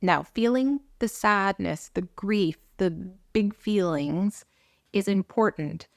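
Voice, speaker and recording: A woman speaking candidly and earnestly to camera about healing, in a gently encouraging personal vlog. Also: medium pitch, slow pace, creaky, dry recording, clean studio sound. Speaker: vlogger sharing concussion recovery. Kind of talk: personal reflective talk to camera.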